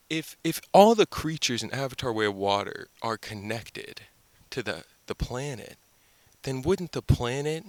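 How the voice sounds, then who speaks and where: A man's voice: mid-range voice, no echo. A young man rambling in a goofy, upbeat way as he hosts his own vlog, recorded outdoors by the water. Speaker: channel host. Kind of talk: casual vlog chat.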